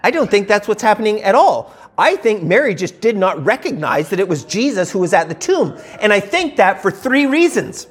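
A man's voice: high voice, sing-song, normal speed, hardly any pauses, husky, soft background music. A man preaching a sermon in a conversational teaching style, posing rhetorical questions and often repeating words as he restarts his sentences.

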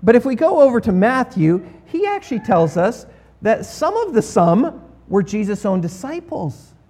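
A man's voice: high-pitched, sing-song, moderate pace, warm tone. A man preaching a sermon as pastor, telling the story with emphasis and a playful, sarcastic streak.

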